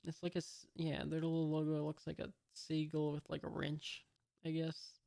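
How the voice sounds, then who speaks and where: A man reading a comic for the first time and commenting as he goes, halting and musing, with many fillers. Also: a little high, monotone, vocal fry, a little mellow, no room sound, clean studio sound. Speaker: comic reader.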